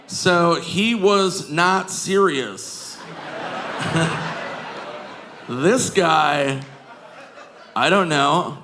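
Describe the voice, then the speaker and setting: Slow-talking man doing stand-up. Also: on the high side. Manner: animated, acts out quoted voices, laughs at own jokes. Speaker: stand-up comedian. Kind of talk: stand-up storytelling. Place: comedy stage before a live audience. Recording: live crowd laughter and noise.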